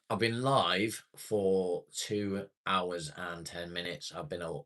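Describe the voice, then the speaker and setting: A man's voice: low voice, fairly even intonation, takes it slowly, fairly bright tone. A British man chatting casually and rambling to viewers on a livestream, swearing now and then. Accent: British English. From England. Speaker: live streamer.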